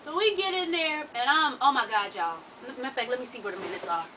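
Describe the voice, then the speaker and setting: Loud profane woman telling a story. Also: high-pitched, fast, far from the mic, noisy background. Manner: profane, animated, laughs while telling. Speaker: vlogger. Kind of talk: casual storytelling to viewers.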